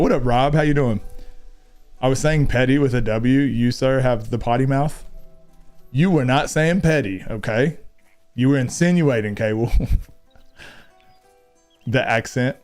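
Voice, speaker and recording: A man's voice: medium pitch, a little mellow. A man streaming a game, chatting casually and teasing his viewers with frequent laughs. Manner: playful, teasing, laughs often. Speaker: gaming streamer.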